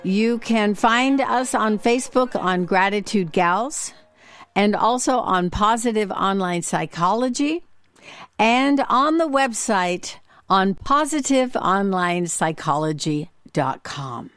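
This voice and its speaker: A chatty woman hosting a podcast, spinning casual stories at a middle pitch. She talks in a loose, conversational way. The sound is dry and close, with no room echo. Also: animated, slow pace, a bit bright, clean tone. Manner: chatty, with frequent fillers and restarts. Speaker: podcast host. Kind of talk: casual storytelling monologue.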